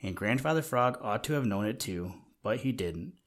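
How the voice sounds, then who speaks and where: A man reading a children's storybook aloud in a gentle way, talking to the listener now and then. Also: fairly low pitch, lively intonation, normal speed. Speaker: narrator.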